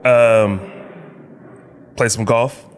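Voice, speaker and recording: A man's voice: mid-range voice, fairly even intonation, drawn-out words, clean tone. A young man co-hosting a casual podcast, laid-back with dry remarks. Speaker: podcast co-host. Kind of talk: casual banter.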